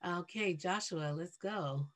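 A woman facilitating an online poetry workshop over a video call, affirming and conversational, quick to praise each reader. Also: on the low side, a bit bright.

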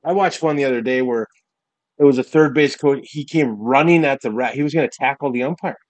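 Male podcast co-host, mid pitch, blunt joker, dry close mic. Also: brisk, no echo, poor audio. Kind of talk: casual chat.

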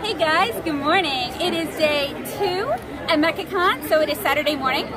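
A woman's voice: high voice, moderate pace, background noise. A woman comic artist giving a casual, candid vlog recap from her artist alley table. She talks in a chatty way with frequent "um" fillers and sounds tired. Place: artist alley at an indoor anime convention. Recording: echoey hall with a faint crowd.

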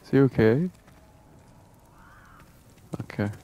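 A man giving casual, joking commentary while playing a video game, often breaking into excited exclamations. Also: mid-range voice, takes it slowly, lo-fi sound, background noise. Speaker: gaming video host.

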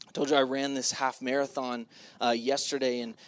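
A man's voice: medium pitch, flat delivery, fairly quick. A middle-aged man giving a casual, humorous sermon to graduating students on a school stage, acting out his own reactions. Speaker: keynote speaker.

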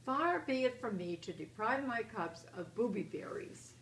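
A woman's voice: on the high side, expressive, moderate pace, a bit bright, reverberant, recorded from a distance, slight background noise. A woman reading as a bemused father bear.

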